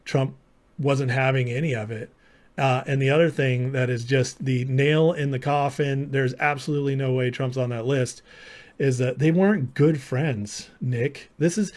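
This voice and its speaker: A man's voice: medium pitch, darkish tone. A man hosting a live show, arguing hard with viewers in chat, sarcastic and mocking, now and then mimicking his opponents. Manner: combative, argumentative, mocking. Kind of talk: live stream commentary, responding to chat.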